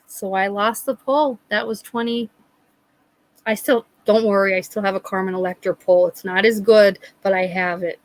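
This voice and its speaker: A woman's voice: mid-range voice, normal speed, no echo, poor audio. A middle-aged woman hosting a live chat, telling a story casually and animatedly. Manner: animated, acts out quoted voices.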